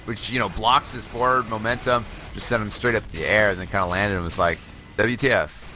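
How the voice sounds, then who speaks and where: A man's voice: fairly low pitch, fairly even intonation, fast, bright, forceful tone, a little hiss or hum. A man giving live analysis of an online game match over a headset, chatty and laughing often, with many fillers. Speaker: esports co-caster. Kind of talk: live color commentary.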